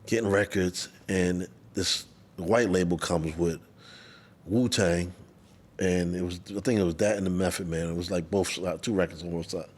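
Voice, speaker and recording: A man with a very low voice hosts a casual interview. He chimes in to finish his guest's sentences and tells stories of his own. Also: darkish tone. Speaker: podcast host.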